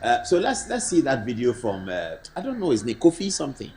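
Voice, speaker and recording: A man with a Ghanaian accent hosting a political commentary show, talking to camera and swinging between raised, indignant emphasis and low, measured remarks. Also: a little hiss or hum. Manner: animated, rising to indignant emphasis then dropping low.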